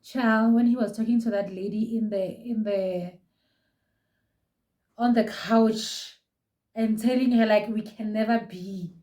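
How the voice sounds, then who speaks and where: A woman's voice: a little high, fairly even intonation, takes it slowly, pauses often, warm tone, recorded from a distance. A young South African woman chatting in a gushing, casual way, reviewing a reality show from home. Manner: gushing, chatty, code-switching. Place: room at home. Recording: roomy echo, set back from mic.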